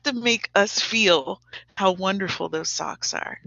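A woman teacher and playwright speaking as an interview guest, measured and laughing often. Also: medium pitch, gravelly, pushed and bright, no room sound. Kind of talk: conversational interview. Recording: dull dry lo-fi recording.

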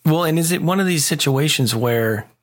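A man's voice: on the high side, animated, normal speed. A man co-hosting a podcast, chatting casually with short reactions and dry jokes. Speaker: podcast co-host. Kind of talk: casual chat.

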